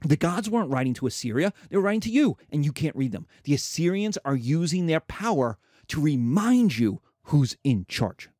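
Brief: male history lecturer, animated, a bit high, acts out characters. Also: normal speed, hardly any pauses, no room sound, studio quality. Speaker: history teacher.

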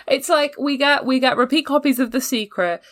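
A woman's voice: high voice, animated, moderate pace, a bit bright, no room sound. A woman in a casual podcast chat, wry and laughing as she talks. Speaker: podcast co-host.

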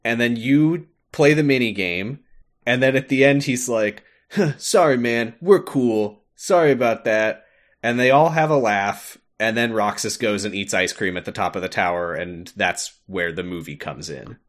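A young man co-hosting a podcast, casually recapping a game's story with animated retelling and frequent laughter. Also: lowish voice, normal speed. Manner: animated storytelling, laughs often, acts out lines. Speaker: podcast co-host. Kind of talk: casual chat recapping a game.

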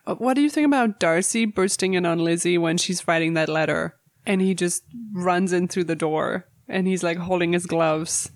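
A woman's voice: on the low side, moderate pace, dry recording, studio quality. A woman in casual chat who talks with enthusiasm and gushes about favorite scenes.

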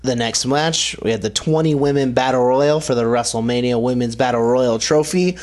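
A man's voice: mid-range voice, fairly even intonation, a little fast, darkish tone. A man co-hosting a podcast in a laid-back, slangy casual chat. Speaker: podcast co-host.

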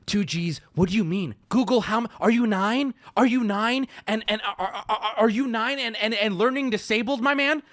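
Man on a livestream, high-pitched, sharp bright voice, exasperated profane rant. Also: normal speed, few pauses. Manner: exasperated, profane, argumentative ranting. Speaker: streamer.

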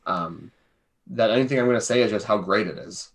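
A man's voice: fairly low pitch, a little fast, creaky. A man co-hosting a casual chat about songs, rambling and jokey, often restarting his sentences. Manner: rambling, self-interrupting, jokey. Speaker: podcast co-host. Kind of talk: casual music review chat.

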